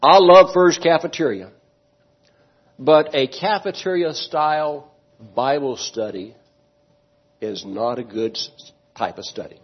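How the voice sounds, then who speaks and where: Pastor, male, high-pitched husky voice, emphatic sermon with questions to the pews; dull lo-fi church recording. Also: unhurried, pauses often. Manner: emphatic preaching, asks the congregation questions.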